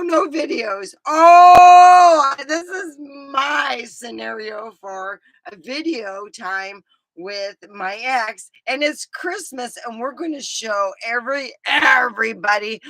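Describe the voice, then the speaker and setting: Bright-voiced, giggly middle-aged woman. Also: a little high, no echo. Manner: rambling, giggly, breaks into laughter. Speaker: vlogger. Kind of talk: casual storytelling.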